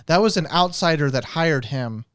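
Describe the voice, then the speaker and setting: Male co-host, smooth resonant voice, fairly high, dry close mic. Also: animated, moderate pace, a bit bright, no echo. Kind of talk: casual film review chat.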